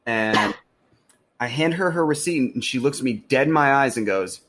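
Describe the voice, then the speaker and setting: A man's voice: mid-range voice, lively intonation, takes it slowly, pauses often, fairly bright tone, slight background noise. A young man co-hosting a podcast, laid-back and profane, agreeing with short replies and telling job stories. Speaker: podcast co-host. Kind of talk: casual chat.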